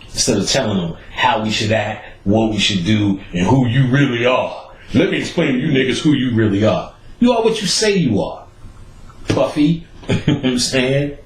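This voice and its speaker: A man's voice: mid-range voice, moderate pace. A man hosting a show, giving a casual, profane rant and laughing between points. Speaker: host. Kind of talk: casual ranting monologue. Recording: roomy echo, faint background ambience.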